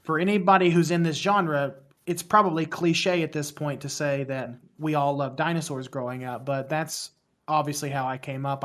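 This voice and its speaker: Rambling West Virginian man, fairly high. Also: fairly bright tone. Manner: rambling, self-deprecating, stumbles and restarts often. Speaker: podcast guest. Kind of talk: casual interview chat.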